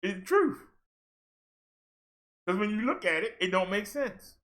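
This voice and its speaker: Speaking a little slowly with frequent pauses, the vlogger has a high, expressive, fairly bright male voice. His commentary is an exasperated, scolding rant, complete with mocking impressions of others.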